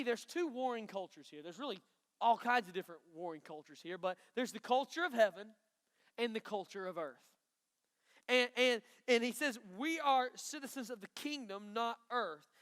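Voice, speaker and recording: Man, youth pastor, emphatic energetic sermon, long hall reverb. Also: sits high, fairly quick. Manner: energetic, emphatic, bantering with the audience. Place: stage in a large hall before a student crowd.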